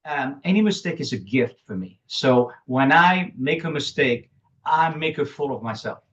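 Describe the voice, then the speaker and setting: A man's voice: medium pitch, animated, moderate pace, a bit bright. A man with a French accent, whose first language is French, chats as a guest on an interview show. He chuckles often, restarts his sentences and bends English grammar. The recording sounds a little dull and lo-fi. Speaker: guest, public speaking coach. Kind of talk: casual interview talk.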